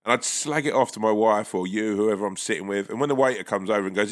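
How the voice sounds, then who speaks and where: A man, co-hosting a podcast, tells stories in a sweary, animated, joking way. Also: fairly low pitch, fast talker. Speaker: podcast co-host. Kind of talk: casual comedic chat.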